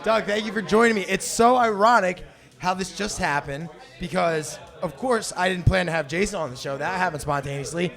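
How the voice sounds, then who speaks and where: A man's voice: high-pitched, a little fast, creaky. A man hosting a live stream show, chatting casually and easygoing with his guest. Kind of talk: casual interview chat. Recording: loud party crowd behind. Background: lively party crowd.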